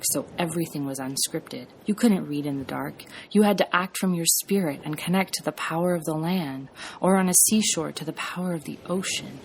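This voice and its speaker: A woman podcast host reading scripted storytelling narration in a measured, reflective way. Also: low voice, a little hiss or hum.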